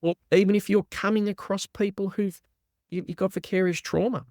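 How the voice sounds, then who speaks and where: A man, a guest in an interview, explaining in lively fashion and voicing the body's inner talk in quoted lines. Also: high-pitched, brisk, no room sound, clean studio sound. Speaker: guest, trauma release exercise practitioner.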